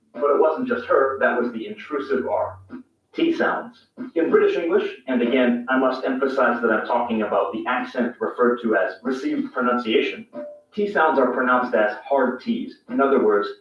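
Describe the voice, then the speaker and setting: A man giving scripted, clearly explained narration in a pronunciation video that compares accents. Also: medium pitch. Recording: distant, echoey, dull playback.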